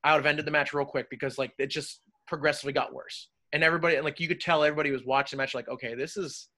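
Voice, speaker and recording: Bright-voiced man telling a story. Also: on the high side, racing. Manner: animated, profane storyteller. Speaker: guest wrestler. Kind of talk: casual interview storytelling.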